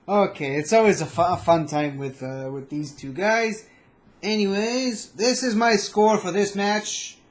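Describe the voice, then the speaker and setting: A man hosting a reaction video, talking through his scores in a casual, halting way. His voice sits noticeably high for a man.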